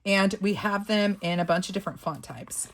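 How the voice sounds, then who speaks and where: A woman's voice: medium pitch, moderate pace. A woman, casually flipping through sticker books and reading the quotes aloud with playful sass and frequent laughs. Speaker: planner and sticker channel host.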